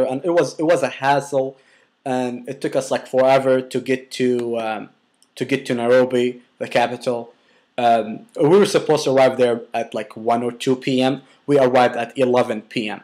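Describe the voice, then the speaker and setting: A man's voice: mid-range voice, steady tone, moderate pace, darkish tone. A young man casually telling a personal story, rambling with many restarts and filler words, and swearing bluntly.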